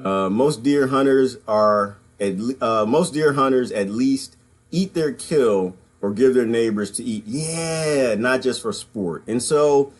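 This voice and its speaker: Man, mid-pitched, casual livestream commentator who rambles, restarts and calls viewers y'all. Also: takes it slowly. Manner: chuckles between points, trails off and restarts. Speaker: political commentary vlogger.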